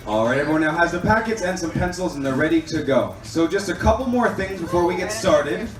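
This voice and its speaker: A man's voice: on the high side, animated, fairly quick, over music. A man acting as game host, patiently explaining the rules of a puzzle game to a group and checking that they understand. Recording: echoey room mic'd from a distance.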